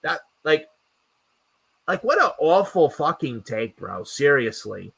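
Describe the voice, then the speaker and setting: A man's voice: on the high side, big pitch swings, slow pace, vocal fry, pushed and bright, breathy edge. A man co-hosting a wrestling post-show, ranting in a casual, profane way and repeating himself. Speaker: podcast co-host. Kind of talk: casual wrestling recap chat.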